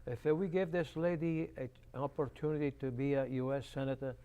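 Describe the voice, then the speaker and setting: A man's voice: medium pitch, fairly even intonation, brisk, dark tone, clean tone, lo-fi sound. An older man hosting a local TV interview, talking in a folksy, chatty and jokey way. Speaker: local TV host. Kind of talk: casual interview talk. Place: local cable TV studio.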